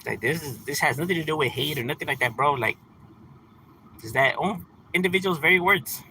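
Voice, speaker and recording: A man's voice: a little high, a little fast, sharp tone, slight background noise, poor audio. Laid-back man streaming. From San Fernando Valley, California. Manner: laid-back, slangy, laughs often. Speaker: livestream host. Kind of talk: casual livestream chat.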